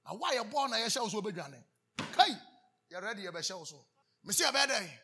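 Ghanaian pastor preaching, high husky voice, keeps asking the crowd to finish his lines. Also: very animated, a little fast, bright, forceful tone. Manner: call-and-response preaching, switching into Twi. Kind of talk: sermon.

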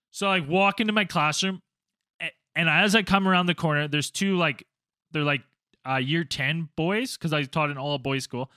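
A former teacher abroad, a man with a high, bright voice, tells friends a story in a lively, profane way, swearing a lot and shouting out the quoted lines as he acts them out. The sound is dry, close to the mic, with no echo.

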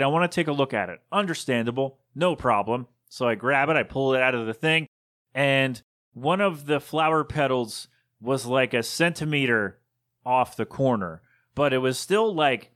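A man's voice: medium pitch, fairly bright tone. A man hosting his own podcast, telling a story in a casual, rambling, digressive monologue. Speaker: podcast host.

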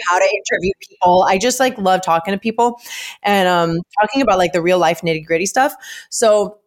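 Chatty young woman podcast host. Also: medium pitch. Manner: chatty, heavy use of "like", emotional. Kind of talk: casual podcast chat and read ad.

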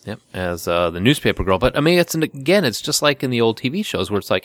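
A man in casual podcast chat about a movie, animated, laughing often and acting out lines. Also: mid-range voice, quick pace, few pauses, dry recording, studio quality.

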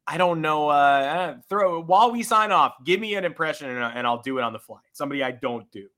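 A man hosts a casual baseball podcast with a bright, fairly high voice. He talks loosely, jokes around and fills gaps with plenty of "uh"s. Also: lively intonation, fast. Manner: chatty, loose, joking, many fillers. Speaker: podcast host.

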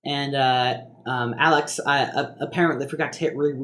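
A man's voice: medium pitch, steady tone, moderate pace, a bit bright, a little hiss or hum. A young man co-hosting a podcast in casual chat, joking and rambling with lots of fillers and restarts. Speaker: podcast co-host.

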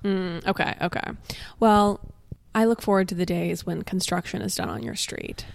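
A woman's voice: fairly low pitch, steady tone, normal speed, vocal fry. A woman co-hosting a casual chat podcast, teasing and playful. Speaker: podcast co-host.

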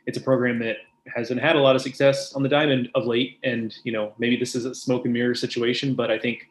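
Fast-talking man in a roomy space. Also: mid-range voice, level tone. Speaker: podcast co-host. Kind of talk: casual sports chat. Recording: roomy with faint noise.

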